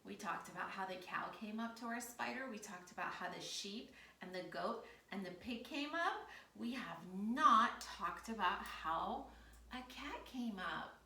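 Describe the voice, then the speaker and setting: Speaking a little slowly with a sharp tone, this American kids yoga teacher runs a storytime class, cheerful and encouraging and full of playful animal sounds. Her mid-range voice is expressive, and the room echoes with the mic set far away.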